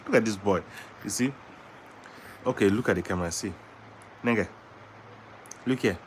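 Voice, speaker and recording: A man vlogging at home with his baby son, switching between slow casual talk and high cooing baby talk and singing. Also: slight background noise.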